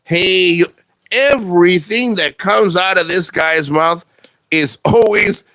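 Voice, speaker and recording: A man talks straight to the camera in a fairly high voice, blunt and full of swearing. He rambles and restarts his sentences, and the sound is dry and close. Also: takes it slowly, pushed and bright, no room sound. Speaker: vlogger. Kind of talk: casual monologue to camera.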